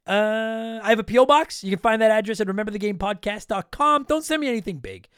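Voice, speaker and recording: A man's voice: high-pitched, fairly bright tone, smooth, no echo, clean studio sound. A man hosting a podcast, casually joking and rattling off a long list of patron names while his voice is tired and worn. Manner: joking, self-deprecating, rapid list reading. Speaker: podcast host.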